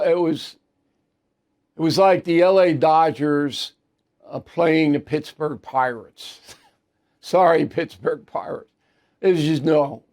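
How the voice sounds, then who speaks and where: A man's voice: a little high, gravelly, darkish tone. An older man from New York hosting a news commentary show, delivering a blunt, emphatic, sarcastic opinion monologue. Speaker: host.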